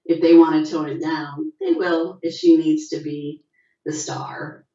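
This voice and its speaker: Middle-aged actress guest, low mellow voice, animated raconteur, dull roomy video-call sound. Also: female voice, measured pace. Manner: animated storyteller, acts out quotes with rising pitch. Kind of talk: casual interview over video call.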